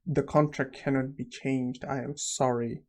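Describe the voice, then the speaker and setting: A man's voice: mid-range voice, little pitch movement, measured pace, darkish tone, lightly acted. A man voicing a polite, apologetic museum manager.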